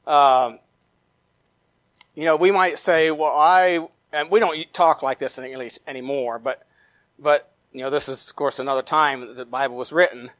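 A man pastor preaching a sermon, reading scripture aloud, with emphatic rises and quiet trailing drops. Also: mid-range voice, fairly even intonation, moderate pace, no room sound. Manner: reads scripture aloud, with fillers and restarts.

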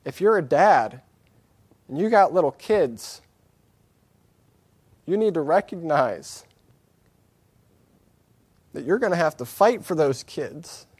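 This preacher has a fairly high, darkish voice with a breathy edge, speaking slowly and pausing often yet staying animated. Earnest and candid, he drives his message with emphatic repetition and the occasional self-deprecating aside, and there's no room sound.

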